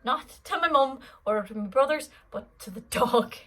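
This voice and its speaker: Bright, chatty Irish young woman. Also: high-pitched, expressive, normal speed, low-quality recording. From Ireland. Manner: rambling, chatty, full of fillers. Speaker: singer answering fan questions. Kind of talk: casual Q&A vlog.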